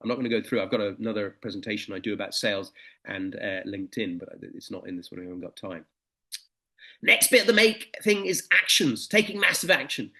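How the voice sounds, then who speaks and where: A middle-aged man giving a motivational presentation, telling anecdotes and stories. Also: fairly low pitch. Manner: anecdotal, animated storytelling. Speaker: motivational speaker.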